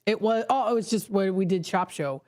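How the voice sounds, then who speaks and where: A man's voice: high-pitched, fairly quick, a little mellow. A man in a casual radio studio chat, easygoing, mostly answering with short agreeable replies. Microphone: studio microphone.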